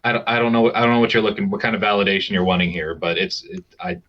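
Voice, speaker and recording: A man's voice: on the low side, expressive, rapid-fire. A man co-hosting a podcast in casual chat, rambling with many restarts, laughing and swearing freely. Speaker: podcast co-host. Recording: dull, lo-fi podcast mic.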